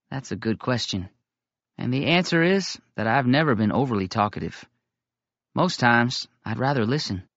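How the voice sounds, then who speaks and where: A man reading a novel aloud in first person, with steady, measured storytelling. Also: mid-range voice, creaky, dry recording, lo-fi sound. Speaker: audiobook reader.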